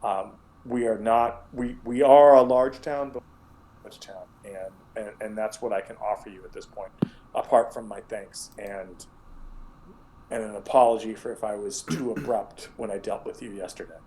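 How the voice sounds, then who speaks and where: An earnest, flustered woman sheriff, put on by a man running a tabletop game. She speaks haltingly, stumbling through restarts and fillers as she asks for help. The delivery stays plain and close to an everyday voice. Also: fairly low pitch, steady tone, mellow, close to an everyday voice, low-quality recording.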